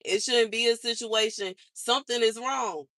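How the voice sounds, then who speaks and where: A woman's voice: on the high side, moderate pace, fairly bright tone. A young woman venting her frustrations on a livestream in casual, slangy speech, complaining over and over.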